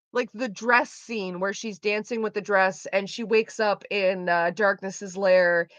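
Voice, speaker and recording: A woman streamer chatting casually with viewers, animated and profane, with lots of "like" fillers. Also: on the high side, dry recording. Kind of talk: casual live stream chat. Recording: slightly dull lo-fi sound.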